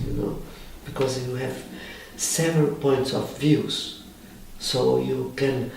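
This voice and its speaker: Gravelly man in a roomy space. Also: medium pitch. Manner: animated, halting English filled with "you know". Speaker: body psychotherapist and training lecturer. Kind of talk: conversational interview answers. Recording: roomy, distant mic, faint background noise.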